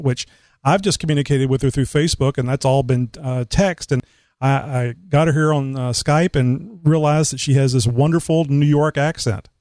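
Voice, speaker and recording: A man from Houston with a Southern Texas accent, hosting a casual interview show and halting through many fillers. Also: fairly high pitch, a little mellow, no room sound. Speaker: talk show host.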